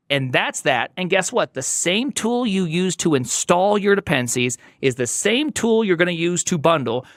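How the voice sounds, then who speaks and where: A man's voice: on the high side, a bit bright, dry recording, clean studio sound. A man speaking as a guest in a casual podcast conversation, emphatic and opinionated, driving points home by repeating them. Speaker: podcast guest, software engineer.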